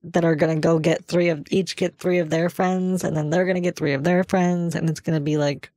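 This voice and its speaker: A man's voice: fairly high pitch, little pitch movement, a little fast, a little mellow, dry recording. A man using a voice changer to play a bossy, scatterbrained young woman caller who keeps saying "like". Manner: rambling, bossy, full of "like". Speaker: scam baiter.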